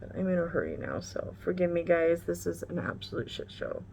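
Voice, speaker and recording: A woman's voice: lowish voice, wildly swooping pitch, a little fast, creaky, darkish tone, a little hiss or hum. A woman vlogger chatting casually through a makeup tutorial, candid and rambling, swearing now and then.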